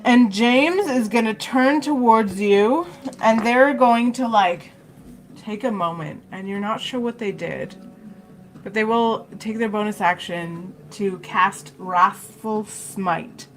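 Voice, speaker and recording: A woman's voice: medium pitch, slow pace, soft background music. A woman running a tabletop role-playing game as dungeon master, casual and swearing freely.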